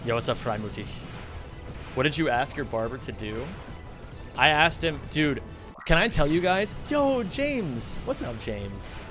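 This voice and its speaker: American guy, young, mid-pitched, rambling livestream chat, curses a lot, music playing behind. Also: big pitch swings, a little slow. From United States. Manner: rambling, swears freely, heavy use of filler "like". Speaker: streamer. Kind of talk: casual chat during a game livestream. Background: background music.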